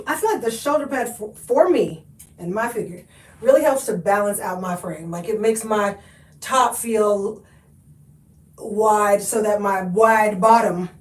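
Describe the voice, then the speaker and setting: High-voiced woman, laughing livestream chatter. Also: recorded from a distance. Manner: chatty, laughing, folksy "honey" and "y'all". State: out of breath. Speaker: thrift haul livestream host. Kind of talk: live try-on chat with viewers. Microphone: camera mic, often stepping away from it. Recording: echoey room, voice often off-mic.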